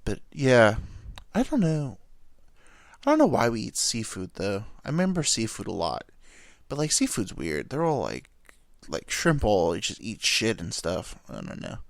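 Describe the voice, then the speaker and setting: A man's voice: lowish voice, wildly swooping pitch, measured pace, vocal fry, no room sound, clean studio sound. A young man hosting a podcast, telling stories in a rambling comedic monologue with stammered restarts and casual swearing. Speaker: podcast host.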